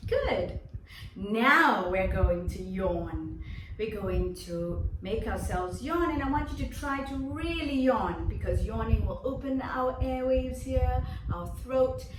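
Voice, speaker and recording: A woman leads a children's drama lesson, speaking slowly and clearly. She sounds a little far from the mic in an echoey room, with clear background noise. Her pitch sits in a middle range. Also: animated. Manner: slow, clear, encouraging teacher talk to young children. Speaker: kindergarten drama teacher.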